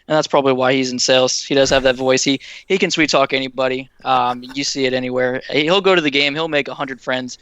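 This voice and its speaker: A man from Massachusetts chatting as a podcast guest, modest and quick, with lots of fillers. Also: mid-range voice, fairly even intonation, a bit bright, smooth, dry recording, lo-fi sound. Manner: fast, modest, many fillers. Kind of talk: casual chat.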